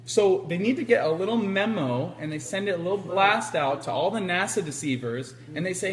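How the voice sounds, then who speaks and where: A man's voice: high-pitched, brisk, few pauses. A man interviewing a guest on a casual live stream, telling stories and acting out what people said. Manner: animated storyteller, acts out quotes. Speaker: interviewer livestreaming. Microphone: handheld camera.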